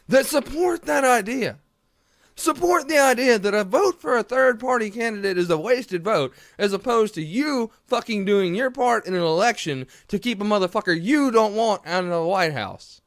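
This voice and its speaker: A man's voice: high-pitched, a bit bright, dry recording, studio quality. A man delivering a heated, profane, rambling political rant straight to camera. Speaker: political commentary vlogger. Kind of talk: profane ranting commentary to camera.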